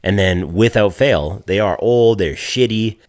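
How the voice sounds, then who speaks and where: Deep-voiced man ranting casually. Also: measured pace. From Canada. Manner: profane, ranting storyteller. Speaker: podcast co-host. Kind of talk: casual podcast chat.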